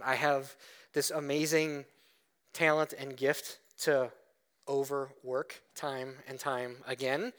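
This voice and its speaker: Bright, clear-voiced male pastor preaching. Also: on the high side. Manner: conversational, storytelling with acted-out quotes. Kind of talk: sermon. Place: church.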